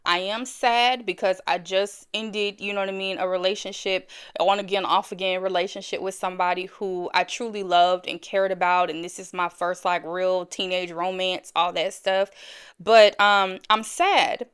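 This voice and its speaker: A woman's voice: medium pitch, fairly even intonation, normal speed, a bit bright, clear, resonant tone. A woman telling a personal story in a casual, chatty way, talking straight to her viewers and repeating phrases for emphasis. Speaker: storyteller host.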